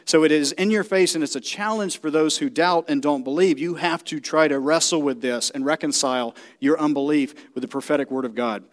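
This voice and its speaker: A man's voice: fairly high pitch, a little fast, few pauses. A man preaching a sermon in a church, speaking directly to the congregation and often checking that they follow.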